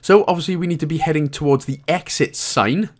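Slightly high and a touch fast, his voice carries casual, chatty gameplay commentary full of jokes and frequent laughs. He's a Welsh man hosting a game walkthrough, and he's out of breath.

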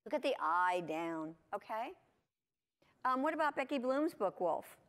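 A woman giving a lively conference talk to teachers, asking her audience lots of questions. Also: fairly high pitch, unhurried. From United States. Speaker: conference presenter. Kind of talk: lecture to teachers. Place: conference hall.

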